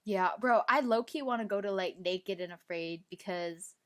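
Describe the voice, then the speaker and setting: A woman's voice: mid-range voice, moderate pace. Giggly, slangy young woman co-host. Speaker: podcast co-host. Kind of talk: casual chat.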